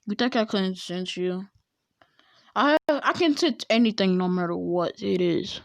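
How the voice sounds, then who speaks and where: A woman voicing a cold, blunt teenage boy ninja who makes dismissive threats in a low mutter, in a casual fan story. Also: a little slow, no echo, natural voice. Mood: annoyed.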